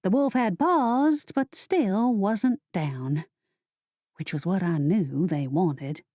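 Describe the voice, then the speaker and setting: A woman narrating a first-person audiobook in a steady, measured storytelling manner. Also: mid-range voice, dry recording, clean studio sound.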